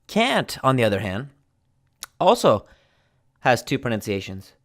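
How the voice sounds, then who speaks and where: A man with an American accent, teaching English pronunciation slowly and repeating each example. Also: mid-range voice, wildly swooping pitch. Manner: slow, deliberate, repeats examples. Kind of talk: pronunciation lesson.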